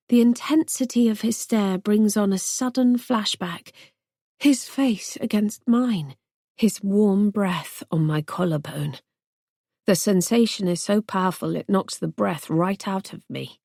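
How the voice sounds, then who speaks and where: A woman reads a first-person thriller audiobook in a tense, measured voice. She takes her time, letting each line land slowly. The recording is close and dry, with no room sound behind her. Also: medium pitch, lively intonation, creaky, dark tone, dry recording. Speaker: audiobook narrator.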